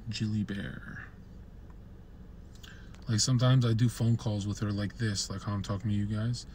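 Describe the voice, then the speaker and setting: A male streamer talks from inside a parked car in a somewhat low voice. His chat with viewers is loose, crude and rambling, full of jokes. A faint hum of background noise sits under it. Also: a little mellow.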